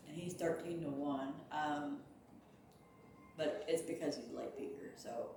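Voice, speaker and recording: Woman gamer, sleepy and halting, distant mic in an echoey room with steady noise. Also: low voice. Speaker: gamer playing a horse racing game. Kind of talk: casual gameplay commentary. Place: home.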